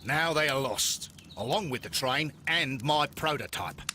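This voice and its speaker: Haughty Australian businessman in a game; bright, animated, impatient. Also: mid-range voice, measured pace, a little hiss or hum. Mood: brusque. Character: brusque wealthy male businessman engineer. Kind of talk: video game voice acting.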